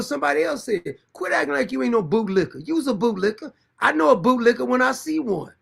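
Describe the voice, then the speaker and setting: A man hosting a commentary show, ranting in a blunt, taunting, profane way with a gravelly voice. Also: high voice. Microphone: desktop mic for live streaming.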